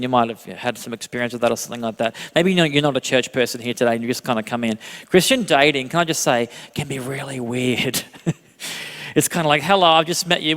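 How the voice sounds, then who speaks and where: A pastor in his thirties preaches in a church hall, telling a self-deprecating story with animated delivery and frequent laughter. His voice is mid-range, and the hall gives a long reverb.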